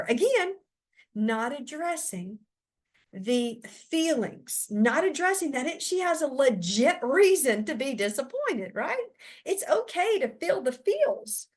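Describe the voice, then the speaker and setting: Speaking slowly in a high voice, this teacher trainer talks straight to her audience. Her lesson is lively and conversational.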